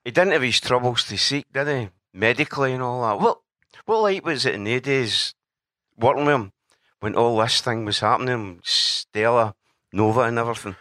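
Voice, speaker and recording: A man's voice: medium pitch, moderate pace, pushed and bright, no room sound, clean studio sound. A man from Glasgow with a Glaswegian accent, an audience member asking a chatty, joking question. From Glasgow, Scotland.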